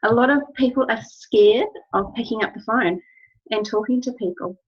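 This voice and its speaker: A woman's voice: fairly high pitch, moderate pace, husky. A woman giving an instructional talk to her team, earnest and encouraging, repeating key phrases. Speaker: wellness business trainer. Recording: dull lo-fi recording.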